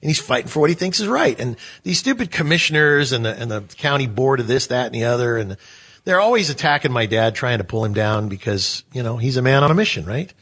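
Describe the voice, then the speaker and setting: A man chatting casually as a co-host, telling animated stories and acting out the people in them. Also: mid-range voice, quick pace, husky. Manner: animated, acts out voices in his stories. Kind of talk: casual storytelling chat.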